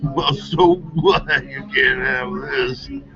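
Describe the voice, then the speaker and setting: Man, rambling and profane, dull lo-fi recording, loud music underneath. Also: a little high, huge pitch swings, takes it slowly, creaky. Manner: jumpy, profane storytelling. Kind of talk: rambling monologue.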